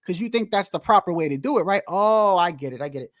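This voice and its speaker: A man's voice: high voice, expressive, fast, a bit bright. A man giving a heated, slangy commentary rant on boxing, repeating himself and firing rhetorical questions at his viewers. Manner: profane, slangy. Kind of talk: casual rant to the audience.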